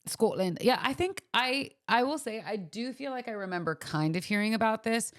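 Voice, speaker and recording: A woman co-hosting a podcast in casual chat, chiming in with quick reactions. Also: on the high side, expressive. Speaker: podcast co-host.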